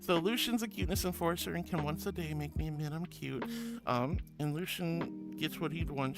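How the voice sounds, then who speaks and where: A woman's voice: deep voice, moderate pace, over loud music. A woman streaming live, chatting casually with viewers in a bubbly, giggly way, calling them honey and sweetie.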